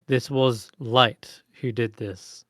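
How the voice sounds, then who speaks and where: A man narrating as dungeon master in a tabletop game, halting and self-correcting, laughing often. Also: medium pitch, steady tone, a bit bright, no echo, studio quality.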